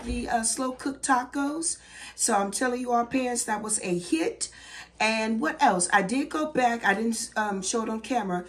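Chatty middle-aged woman vlogger, mid-pitched. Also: slightly rough. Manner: chatty and expressive, addresses viewers warmly as "baby" and "y'all". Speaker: elementary school teacher and mom. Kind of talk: casual vlog chat.

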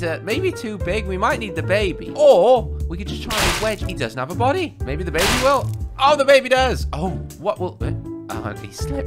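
A man giving jokey, excitable commentary over gameplay as a channel host, with frequent laughs and yelps. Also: high-pitched. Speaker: gaming YouTuber. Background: background music.

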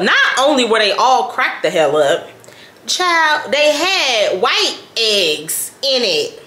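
A young woman talks her way through a shopping haul in a loose, rambling vlog. Her voice has a bright, crisp edge, and she keeps breaking into laughter and slangy asides. The room around her is hollow and echoey. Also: fairly high pitch, big pitch swings, slow. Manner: colloquial, says "child" and "y'all". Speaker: lifestyle vlogger. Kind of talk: casual chatty haul vlog.

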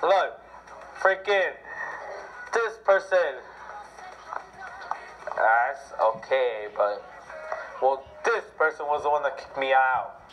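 A teenage boy who is sick, chatting loosely and excitably while playing a mobile strategy game. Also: medium pitch, slow pace. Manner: rambling, excitable, self-deprecating. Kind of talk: casual gameplay commentary. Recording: dull lo-fi audio with faint music.

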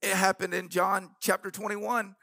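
A male pastor preaching a sermon in church, telling scripture stories with animated voices for the characters and building to an emphatic close. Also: sits high, normal speed, dry recording.

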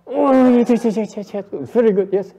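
A man with a high voice teaches a Dharma class. He jokes, coaxes answers from the room and laughs often, mixing English and Vietnamese as he explains. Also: moderate pace, dark tone, dull audio. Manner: playful, coaxing the audience, switching between English and Vietnamese; frequent laughter and repeated "yes, yes". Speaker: Buddhist teacher.

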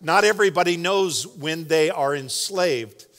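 A man preaches to his congregation in a loose, conversational style, dropping little jokes along the way. His voice sits fairly high for a man. The sound carries the long reverb of a big church hall. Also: a little slow, fairly bright tone. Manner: casual, joking, conversational preaching. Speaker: pastor. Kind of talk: sermon. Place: large church sanctuary.

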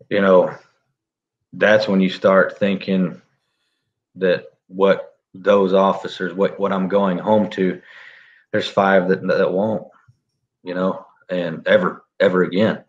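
Cop guy, low voice, slow reflective story, kinda muffled recording. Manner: plainspoken, halting and reflective. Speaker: police officer recounting a standoff. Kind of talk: interview storytelling. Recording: dull lo-fi audio.

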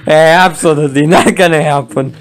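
A man giving playful, excitable game commentary, laughing often and throwing in mock roars while he voices both sides of a match. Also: on the high side, fairly quick. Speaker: gameplay commentator.

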